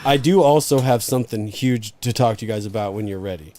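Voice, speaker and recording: A man co-hosting a live podcast, telling stories in a profane, animated, casual way. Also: on the low side, fast. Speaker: podcast co-host.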